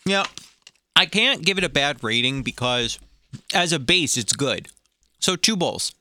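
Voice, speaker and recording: A man's voice: fairly high pitch, animated, measured pace, sharp tone. A man co-hosting a casual cereal review show, joking, teasing and complaining. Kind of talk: casual chat.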